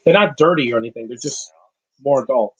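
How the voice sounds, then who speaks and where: Husky man rambling through live commentary. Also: medium pitch, brisk, lo-fi sound. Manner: rambling, opinionated, with frequent restarts. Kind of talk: casual watch-along commentary.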